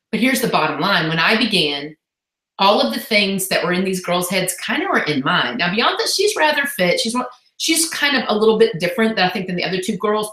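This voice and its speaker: Energetic woman coach on an echoey call. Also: on the low side. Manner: energetic, chatty, enthusiastic. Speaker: fitness business team coach. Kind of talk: motivational casual talk on a video call. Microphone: video call. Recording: echoey room from far off.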